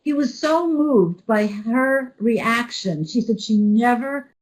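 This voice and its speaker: Brief: female webinar host, lively storyteller, a bit high-pitched. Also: slow, rough recording. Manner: animated storyteller, quotes others. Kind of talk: storytelling introduction.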